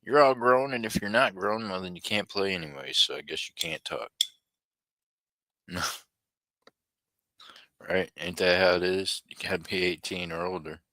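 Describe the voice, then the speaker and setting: A man's voice: low-pitched, moderate pace, long pauses, pushed and bright, no room sound. A man hosting a live online auction and chatting with viewers in a folksy, laid-back way. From United States. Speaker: livestream auction host. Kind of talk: casual live-stream chat with viewers.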